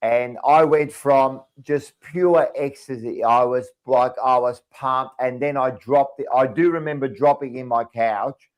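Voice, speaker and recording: A man with an Australian accent co-hosting a casual sports fan show, talking in an excitable, rambling way with many restarts. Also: mid-range voice, unhurried, few pauses. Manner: excitable, rambling, repeats words. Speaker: podcast co-host.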